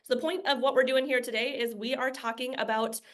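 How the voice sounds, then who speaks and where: A woman's voice: high-pitched, fairly even intonation, fairly quick, a bit bright. A woman giving an interactive presentation as guest speaker over a video call, upbeat and inviting participation.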